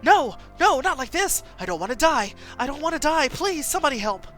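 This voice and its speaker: A man's voice: high voice, normal speed, pushed and bright, soft background music, pitched above the performer's own voice. A woman voicing a snarling man villain. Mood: panicked. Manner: snarling and taunting, then screaming in panic. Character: menacing, cruel man villain, turns desperate.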